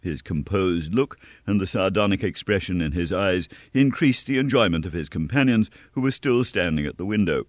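A man narrating a novel in an expressive, measured audiobook reading. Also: deep voice, no echo, clean studio sound.

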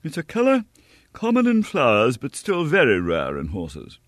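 A man voicing a composed middle-aged gentleman who speaks quietly with amused contempt. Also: mid-range voice, wildly swooping pitch, moderate pace, no echo, clean studio sound, pitched above the performer's own voice. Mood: contemptuous.

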